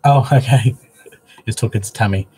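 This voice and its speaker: Husky-voiced man chatting on a livestream. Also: fairly low pitch, moderate pace, mellow. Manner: openly emotional, soppy, chatty. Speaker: craft livestream host. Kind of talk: casual live-stream chat. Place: at home, in a living room.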